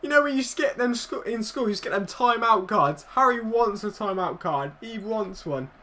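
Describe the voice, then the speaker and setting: A young man giving excitable, swearing commentary over his own football video game match, teasing his opponent. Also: sits high, moderate pace. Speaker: gaming YouTuber. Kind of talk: live gameplay commentary.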